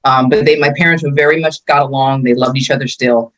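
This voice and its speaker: A woman's voice: a bass voice, steady tone, quick pace, fairly bright tone, poor audio. A woman in her fifties from California, a martial arts instructor telling her life story in a casual interview, acting out the quotes as she goes. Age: 50s.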